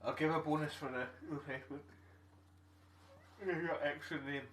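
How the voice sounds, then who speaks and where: A man's voice: fairly high pitch, steady tone, normal speed, a bit bright, far from the mic, slight background noise. Scottish man reading quiz questions. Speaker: quiz host. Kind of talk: live stream quiz chat. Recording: roomy echo.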